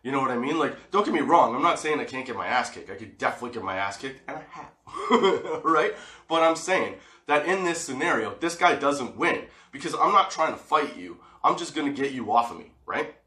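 A man tells a personal story to his viewers in casual, swearing, animated talk. His voice has a bright edge. The sound rings off the walls of an echoey room. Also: medium pitch, brisk. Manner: profane, animated, laughs often, talks straight to the viewer. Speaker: vlogger.

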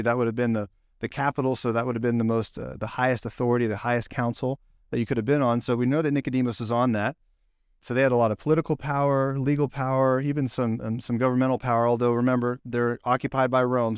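Fast-talking man preaching a casual sermon. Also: medium pitch, clean tone, no room sound, clean studio sound. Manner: animated storyteller, acts out quoted lines. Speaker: pastor.

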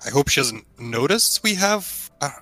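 A man playing a tabletop game, speaking in a slow, halting way. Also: a little high, sing-song, sharp tone, no room sound, faint music behind. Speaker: player. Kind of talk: tabletop role-play.

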